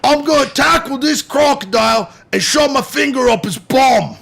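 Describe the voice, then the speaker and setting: A man's voice: very high-pitched, expressive, moderate pace, vocal fry, slightly rough, pitched above the performer's own voice, full character voice. A man doing a rowdy male crocodile wrangler in a poor attempt at an Australian accent. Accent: attempted Australian, mostly failed. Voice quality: shouty, loud.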